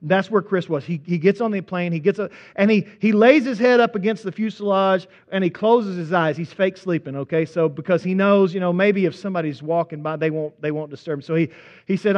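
High-voiced preacher telling a story. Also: male voice, fairly quick. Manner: animated, conversational, audience-engaging. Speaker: pastor. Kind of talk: sermon storytelling. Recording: dull lo-fi recording.

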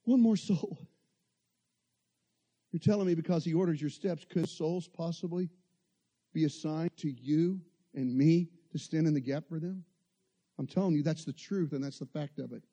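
A man preaching a sermon, telling stories and building to impassioned, loud peaks. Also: on the high side, moderate pace, long pauses.

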